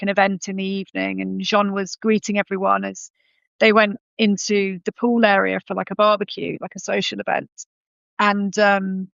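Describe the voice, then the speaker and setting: Woman, guest storytelling, flat pitch, dry slightly dull recording. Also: vocal fry, no room sound. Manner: frequent ums and self-corrections. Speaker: podcast guest. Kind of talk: conversational storytelling.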